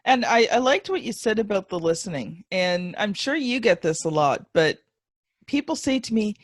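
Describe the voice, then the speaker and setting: A woman's voice: medium pitch, animated, dry recording, studio quality. A woman hosting a podcast interview, chatting encouragingly and sharing her own experience. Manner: encouraging, quick to laugh along. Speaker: podcast host. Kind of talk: conversational interview.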